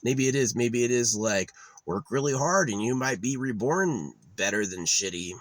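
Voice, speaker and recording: A man's voice: mid-range voice, moderate pace, no room sound. A young man vlogging in a rambling, digressive monologue that drifts into rants, full of fillers.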